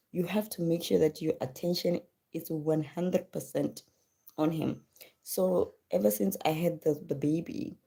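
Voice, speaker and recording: A woman's voice: fairly low pitch, mellow. A woman chatting casually on a live stream about being a mother. She repeats words for emphasis and thanks viewers by name. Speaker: livestream host and mother.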